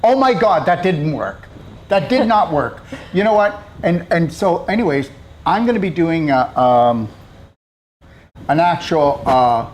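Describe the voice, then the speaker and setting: A man hosting a casual health talk, his voice sitting a little high for a man. He is blunt and preachy, driving each point home with emphatic repetition and rhetorical questions. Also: a little hiss or hum. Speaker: host.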